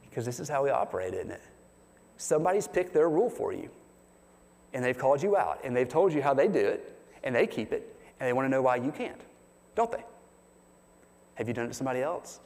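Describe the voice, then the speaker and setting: Animated preacher in a reverberant church. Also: male voice, medium pitch. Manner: conversational, animated preaching with questions to the congregation. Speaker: pastor. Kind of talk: sermon. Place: church sanctuary. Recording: long reverb of a large hall.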